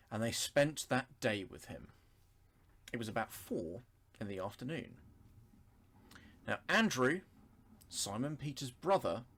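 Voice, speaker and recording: A man teaching a Bible study, reading scripture aloud and explaining it verse by verse in a thoughtful, unhurried way with pauses and self-corrections. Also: mid-range voice.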